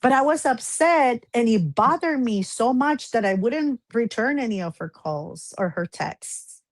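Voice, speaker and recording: A woman's voice: a little high, lively intonation, a little slow, dry recording. A woman in her forties, a guest in a casual chat, telling a personal story in a rambling way with many fillers and restarts.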